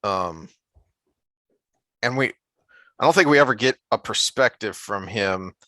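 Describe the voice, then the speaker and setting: A man's voice: on the low side, expressive, a little slow, sharp tone, no room sound. A man co-hosting a casual book discussion podcast, thoughtful and full of fillers and restarts, sometimes reading passages aloud. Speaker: podcast co-host.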